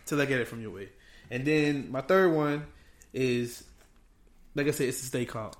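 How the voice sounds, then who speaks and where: A man co-hosting a podcast in casual chat, animated, laughing often and tagging lines with "bro". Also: medium pitch, moderate pace, roomy sound, a crowd in the background. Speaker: podcast co-host.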